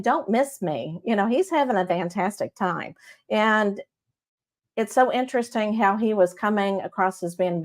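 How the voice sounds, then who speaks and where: A chatty middle-aged woman with a Texas drawl gives psychic readings on a live stream. Her pitch sits at an ordinary middle height for a woman. She keeps checking in with her listeners as she talks. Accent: Texan. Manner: chatty, warm-hearted, frequent "okay?" check-ins. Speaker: psychic medium host.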